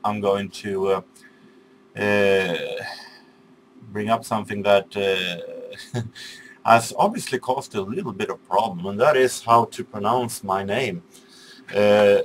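Low-voiced man, halting speech. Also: slight background noise. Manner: halting, many fillers and restarts; polite and apologetic. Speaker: YouTube channel owner. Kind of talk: casual video message.

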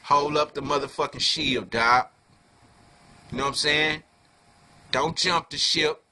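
A man giving a heated fan rant to camera, full of profanity and street slang, dropping low then flaring into loud outbursts. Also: fairly even intonation, measured pace. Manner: profane slangy talk, keeps calling listeners "dog"; swings from low muttering to loud angry outbursts. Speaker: fan video reviewer.

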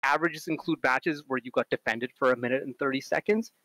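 A man giving a casual conference talk, chatty, full of fillers, and animated when he tells stories. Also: mid-range voice, fast talker, dry recording, poor audio. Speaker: conference speaker on robotics strategy.

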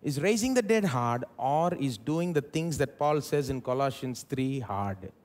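A male pastor with an Indian English accent, preaching a sermon at a church service and swinging between loud emphasis and quiet asides. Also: medium pitch, animated, unhurried.

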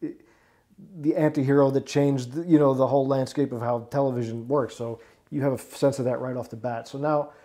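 A man hosts a relaxed interview and asks his guest about his work. He reacts with eager approval and keeps chiming in while the guest talks. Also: medium pitch, a little fast. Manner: enthusiastic, frequent approving interjections. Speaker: podcast host. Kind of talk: casual interview.

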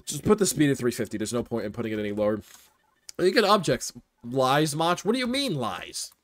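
A man's voice: medium pitch, big pitch swings, a little fast, a bit bright, no room sound. A man streaming a game live with viewers, joking and bantering playfully. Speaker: streamer playing games with viewers.

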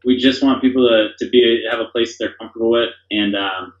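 Guy rambling excitedly on a podcast, lots of "like" and "you know", echoey room, kinda muffled. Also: mid-range voice, brisk. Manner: enthusiastic, rambling with many fillers. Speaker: podcast guest, company founder. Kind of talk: casual conversation. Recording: dull, roomy sound.

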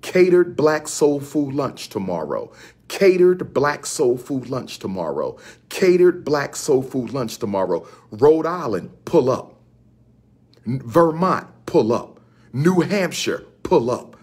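A man's voice: medium pitch, big pitch swings, takes it slowly, darkish tone, husky. A man from Philadelphia making an emphatic, rallying announcement to promote his own events, repeating phrases like a chant.

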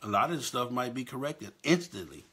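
A man's voice: medium pitch, sing-song, brisk, sharp tone, slightly rough. A middle-aged man hosting a live-stream talk, impassioned and swinging between choked-up and fired-up. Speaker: show host.

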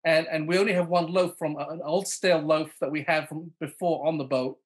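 Preaching briskly in a fairly high, steady-toned voice, a man leads a sermon for a live online church service. Almost every point is followed by "okay?" or "all right?", and he calls on people by name and acts out quoted lines.

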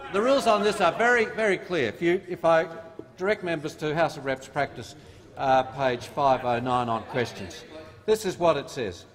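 An Australian man, a member of parliament, making a combative debate speech and reading out the rules. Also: on the high side. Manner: combative, reads from the rulebook. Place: large parliament chamber. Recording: long reverb of a large hall.

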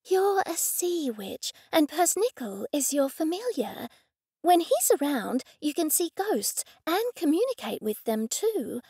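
A friendly young witch voiced by a woman reading an audiobook talks in a high, gentle voice. She takes her time and sounds patient and a little pleading. The recording is close and dry. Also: big pitch swings, no room sound, heavily acted. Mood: earnest, gentle. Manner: gentle, slow and pleading, sometimes hushed.

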